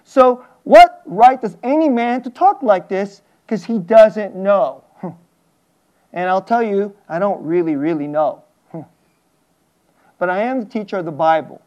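A man preaching a sermon as a pastor, earnest and animated, often chuckling and stammering as he talks. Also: high-pitched, a little slow, dull audio.

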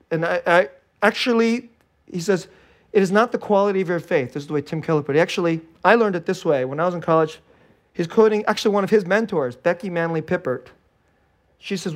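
A male pastor preaching a sermon in an animated way, acting out little scenes and laughing often. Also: high voice, normal speed, long pauses. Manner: animated, acts out scared and joyful voices, laughs often.

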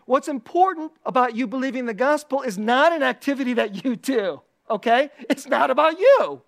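A preacher with a weekly video channel gives a casual, animated sermon, repeating key phrases and laughing often. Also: high voice, moderate pace, vocal fry.

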